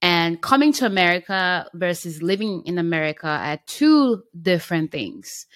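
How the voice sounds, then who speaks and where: Lively woman hosting a casual podcast. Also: on the low side, normal speed, dry recording, clean studio sound. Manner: animated, laughs easily, teasing. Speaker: podcast host.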